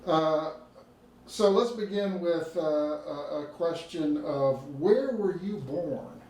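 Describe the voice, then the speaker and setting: A man who is a library dean, asking casual, slightly halting questions in an oral history interview. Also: fairly high pitch, darkish tone. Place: interviewee's apartment. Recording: distant mic in a roomy room with faint noise.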